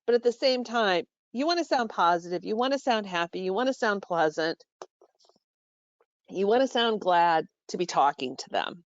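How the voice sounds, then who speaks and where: A woman walks staff through a training call in an instructive way, stopping often to correct herself. Her voice sits in a middle pitch. The audio is dull and dry, like a web-call microphone. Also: lively intonation, normal speed, dry recording. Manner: instructive, with frequent fillers and self-corrections.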